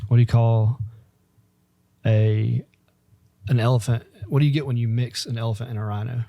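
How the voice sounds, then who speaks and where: A man's voice: medium pitch, steady tone, moderate pace, creaky, mellow, dry recording. A man co-hosting a podcast, chatting casually with dry, wry reactions. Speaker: podcast co-host. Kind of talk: casual chat.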